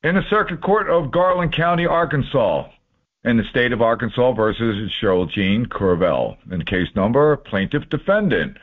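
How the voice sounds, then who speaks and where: A man's voice: medium pitch, big pitch swings, a little slow. A man walking through court documents in a folksy, informal way, marking items off one by one with sarcastic asides. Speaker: presenter explaining court papers. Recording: tinny phone-like audio.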